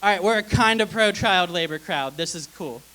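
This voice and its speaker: A woman's voice: fairly low pitch, animated, normal speed, a bit bright, poor audio. A young woman doing a stand-up comedy set on a theater stage, delivering sarcastic, dry punchlines into a stage mic. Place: theater stage before a live audience.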